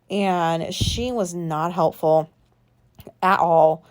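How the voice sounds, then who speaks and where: An adult woman vlogger rambles casually through a personal story, swearing freely and plugging pauses with filler words. Her mid-range voice moves at normal speed and sounds a little mellow.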